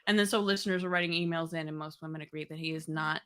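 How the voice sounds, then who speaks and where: A woman in her thirties co-hosting a live podcast, talking in an animated way and laughing often. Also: sits low, very fast, smooth. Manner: animated, laughs often, breaks into movie impressions. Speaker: podcast co-host. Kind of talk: casual live podcast chat.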